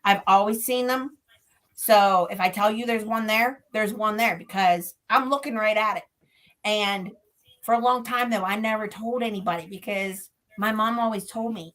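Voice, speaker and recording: Woman guest, paranormal investigator, casual and talkative, quick to laugh, middle pitch. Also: a bit bright. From Pennsylvania. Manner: chatty storyteller who laughs often. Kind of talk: casual interview chat.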